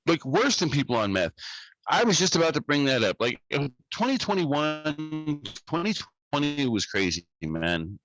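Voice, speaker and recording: A man telling a story in a casual podcast chat, animated and swearing freely as he rants. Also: mid-range voice, dry recording, rough recording. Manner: animated, profane, ranting. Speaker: podcast co-host.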